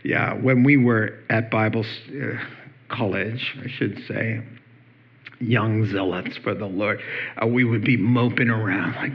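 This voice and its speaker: Male pastor, unhurried and jokey, acts out voices in his anecdotes; dull lo-fi recording. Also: fairly low pitch, steady tone. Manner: conversational, joking, acts out quoted voices. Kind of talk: sermon.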